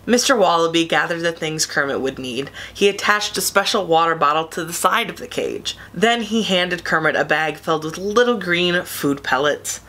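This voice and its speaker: A woman reading a children's picture book aloud in a gentle, steady storytime voice. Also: fairly low pitch, moderate pace, hardly any pauses.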